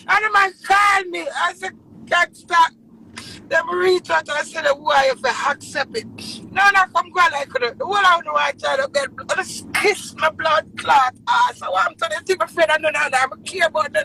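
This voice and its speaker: A middle-aged woman with a Jamaican accent, delivering an emotional, defiant social media rant that swings into shouting. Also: very high voice, normal speed, a little hiss or hum, low-quality recording. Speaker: dancehall artist.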